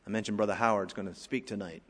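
A male pastor preaching a sermon with emphatic rises and drops in loudness, in a church sanctuary. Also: fairly low pitch, steady tone, fast, breathy edge. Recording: long hall reverb.

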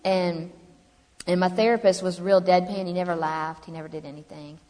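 A woman's voice: on the low side, steady tone, moderate pace, mellow. A woman telling her personal story to an audience in a chatty, humorous way. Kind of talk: personal testimony to a live audience. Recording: long hall reverb.

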